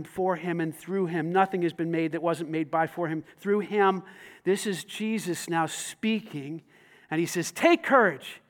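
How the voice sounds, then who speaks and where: A man preaching a sermon, animated and conversational, swinging from loud emphasis to quiet asides and asking the congregation questions. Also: high voice. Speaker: pastor.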